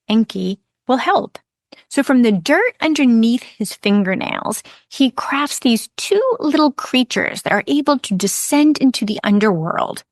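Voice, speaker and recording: A woman hosting a podcast, retelling an ancient myth in a calm, measured storytelling voice. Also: on the high side, no room sound, studio quality. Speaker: podcast host.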